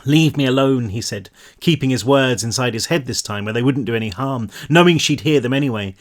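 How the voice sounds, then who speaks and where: A man's voice: medium pitch, a little fast. A man reading his own novel aloud as narrator, telling the story steadily with the odd small slip. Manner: steady storytelling read-through with small slips. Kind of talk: audiobook-style reading aloud.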